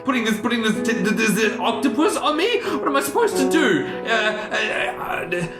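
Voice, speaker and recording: A man voicing a prickly woman with a gold snaggle tooth, ranting in a shrill, stammering way. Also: animated, moderate pace, close to an everyday voice. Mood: exasperated. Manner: shrill exasperated rant with stammers. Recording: roomy mic with music under.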